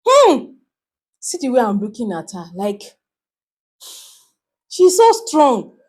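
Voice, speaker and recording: A woman vlogger commenting on a clip in an animated way. She laughs often and exclaims as she talks. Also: a little high, slow, breathy edge. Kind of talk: reaction video commentary.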